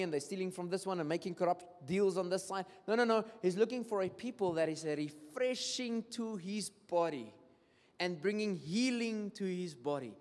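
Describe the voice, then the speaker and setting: A man with a South African accent preaching a sermon, telling stories and acting out what people say. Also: high voice. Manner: switches between English and Afrikaans, animated storytelling with acted-out quotes. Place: church hall. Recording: long hall reverb.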